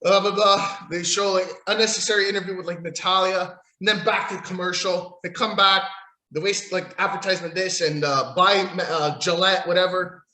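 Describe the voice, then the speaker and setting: A man's voice: high voice, steady tone, normal speed, sharp tone. A man hosting a solo podcast, recapping in a rambling, profane, sarcastic way. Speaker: podcast host. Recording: echoey room.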